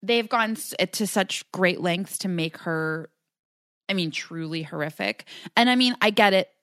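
Woman podcast co-host with a lowish voice, hesitant conversational recap, dry close sound. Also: measured pace, fairly bright tone, no echo. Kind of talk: casual chat recapping a TV episode.

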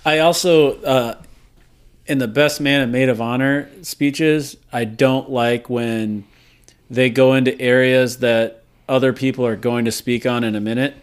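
A man's voice: mid-range voice, steady tone, unhurried, clean tone. A man co-hosting a casual podcast chat, giving easygoing opinions and laughing readily. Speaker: podcast co-host.

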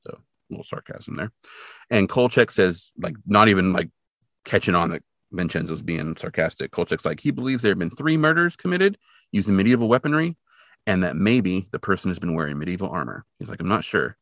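A man's voice: sits low, fairly quick, no room sound, clean studio sound. A man co-hosting a casual podcast, retelling an episode with lots of fillers. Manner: animated retelling, many fillers, briefly acts out quoted characters. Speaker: podcast co-host. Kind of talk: casual episode recap chat.

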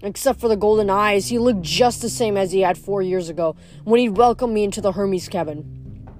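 A woman reading a novel aloud in steady narration, now and then stumbling over a word. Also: medium pitch, moderate pace. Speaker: reader.

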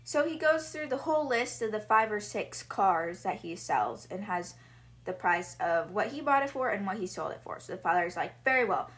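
A woman's voice: medium pitch, expressive, normal speed. A young woman hosting a podcast, retelling book chapters in a chatty, casual way full of "like" fillers. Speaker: podcast host.

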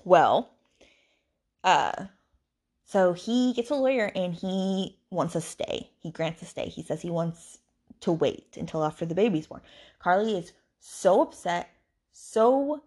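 Chatty woman with a lowish voice. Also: expressive, slow, a little mellow. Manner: chatty, rambling, with many fillers and restarts. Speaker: podcast host. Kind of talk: casual book recap.

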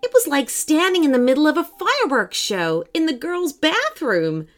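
A woman reading a children's story aloud in an expressive, animated way. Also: sits high, moderate pace.

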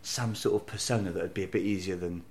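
Sitting in a bar for a casual interview, a Bristol-born comedian and novelist spins self-deprecating stories. His low, slightly mellow voice holds a steady tone, and he speaks quickly.

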